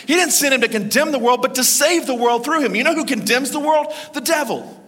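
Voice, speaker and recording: A man preaching a sermon as pastor, emphatic and storytelling, with dramatic pauses and acted quotes. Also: very high-pitched, pushed and bright. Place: church. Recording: reverberant church hall.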